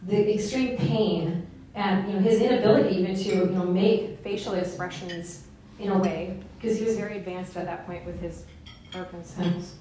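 Woman in her 40s, lively storyteller giving a talk, far from mic, very echoey room. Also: mid-range voice, moderate pace, a little hiss or hum. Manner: animated, laughing storyteller. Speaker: speaker. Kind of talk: talk to a live audience.

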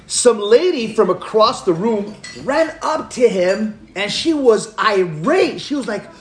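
An older man giving a lively sermon as preacher and radio host, telling stories and acting out the voices in them. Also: high-pitched, takes it slowly. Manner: animated, acts out quoted voices. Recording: echoey room with faint noise.

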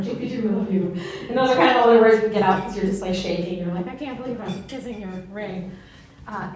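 A woman in her forties telling a story to a live audience, animated and given to laughing. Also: mid-range voice. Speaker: speaker. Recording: echoey room from far off.

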